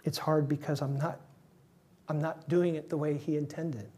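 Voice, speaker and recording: A male pastor preaches a sermon and plays both parts of a conversation with an imagined listener, voicing the doubter in a raised, pleading tone. His voice is a little high and warm with a slight roughness, delivered at a normal pace with level intonation.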